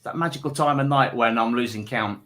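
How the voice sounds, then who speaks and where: A man's voice: medium pitch, a little fast, pushed and bright. A man hosting a comedy panel show, chatty, reading out viewer comments and adding wry asides. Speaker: host. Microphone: online live stream.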